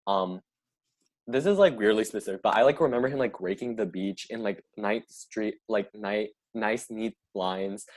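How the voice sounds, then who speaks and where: A man's voice: on the low side, normal speed. Rambling young man telling a story. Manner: rambling, heavy filler "like". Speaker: podcast co-host. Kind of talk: casual storytelling.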